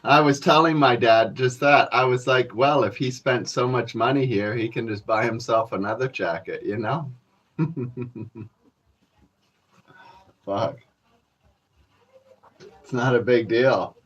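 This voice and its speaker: A man's voice: medium pitch, slow, pauses often, a bit bright, husky, lo-fi sound. A young man playing a comedy character, delivering a crude, rambling rant to the camera with profane, mumbled asides.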